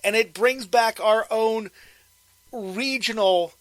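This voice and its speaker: A man's voice: high voice, slow, fairly bright tone, no echo, low-quality recording. A man in his fifties from the Pittsburgh area with a mild Pittsburgh accent, hosting a casual interview and telling stories in an easygoing way. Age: 50s. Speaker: host.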